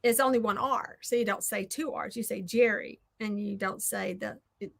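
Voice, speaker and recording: A Southern American woman hosting, chatting casually and rambling while she crafts, quick to poke fun at herself. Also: mid-range voice, creaky. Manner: chatty, rambling, self-deprecating. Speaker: host.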